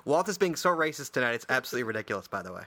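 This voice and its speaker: A man co-hosting a podcast, talking in quick, animated casual chat and laughing often. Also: medium pitch. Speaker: podcast co-host.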